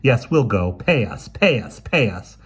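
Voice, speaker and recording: Male reader as a belligerent woman cook in a read-aloud story, booming, husky. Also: very animated, measured pace, heavily acted. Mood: defiant. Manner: booming, defiant.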